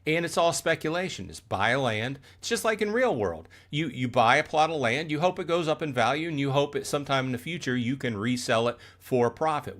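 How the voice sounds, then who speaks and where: A man's voice: medium pitch, lively intonation, fairly quick, few pauses, fairly bright tone. Rambling man hosting a livestream. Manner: rambling, restarts often, asks "okay?" and "right?"; gets fired up. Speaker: livestream host. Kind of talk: casual livestream commentary.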